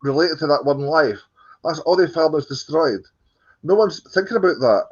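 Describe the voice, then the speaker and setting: A Scottish man speaking as an interview guest, his voice a touch high for a man. He tells his story earnestly, padding it with ums and slipping in dry jokes. The call sound is dull and lo-fi. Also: animated, moderate pace, breathy edge. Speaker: guest film producer. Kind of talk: casual interview chat.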